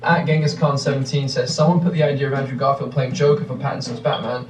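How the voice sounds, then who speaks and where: With a flat delivery at medium pitch and a quick pace, a man in his thirties from England, an actor, answers fan questions casually, reflecting and rambling through many restarts. It's a rough, reverberant recording captured from a distance.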